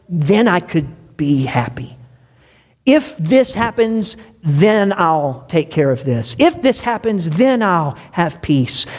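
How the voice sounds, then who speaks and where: High-voiced preacher in a reverberant hall. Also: male voice. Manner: conversational, addresses listeners directly with questions. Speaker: pastor. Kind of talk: sermon with personal stories.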